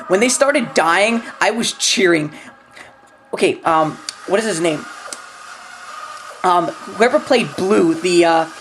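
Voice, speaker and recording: A woman's voice: mid-range voice, low-quality recording. Rambling young woman ranting about a film. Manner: rambling, full of "like" and restarts, profane, breaks into laughter. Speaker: film reviewer. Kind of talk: casual ranting movie review.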